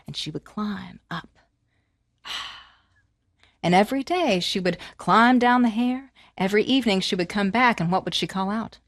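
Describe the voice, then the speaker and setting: A woman telling a fairy tale to children, animated and inviting the listeners to join in the actions. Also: medium pitch, normal speed, no room sound, clean studio sound. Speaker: storyteller.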